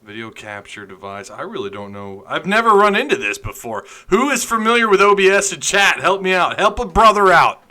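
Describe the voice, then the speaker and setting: A man's voice: sits high, very animated, a little fast, bright, forceful tone. A man hosting a sports podcast livestream, chatty and joking while he fumbles with his setup. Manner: joking, chatty, flustered by tech trouble. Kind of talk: casual livestream chat.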